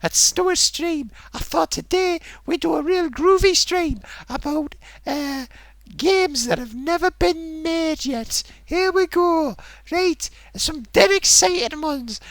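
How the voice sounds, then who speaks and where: A man's voice: very high-pitched, a little slow, few pauses, no room sound, voice pushed up, exaggerated voice. A man doing a squealing, ranting streamer guy. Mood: chirpy. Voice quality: squealing, shouting. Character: excitable man streamer, gushing then ranting.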